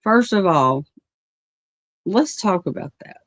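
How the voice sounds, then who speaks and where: A woman's voice: lowish voice, expressive, takes it slowly, a bit bright, no echo. Blunt, profane woman ranting. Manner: blunt, profane and rambling, with many fillers. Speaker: livestream host. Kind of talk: livestream rant. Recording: dull lo-fi stream audio.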